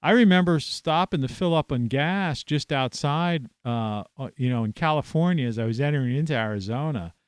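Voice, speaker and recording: A man's voice: mid-range voice, moderate pace, few pauses, clear, resonant tone, no echo. A man at home, ranting scornfully to camera with plenty of swearing. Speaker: vlogger. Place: at home, indoors in an old house.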